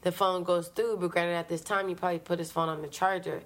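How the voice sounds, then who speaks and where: Woman, low-pitched, storytelling, profane slang, acts out her own lines. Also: little pitch movement, fast. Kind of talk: casual storytelling.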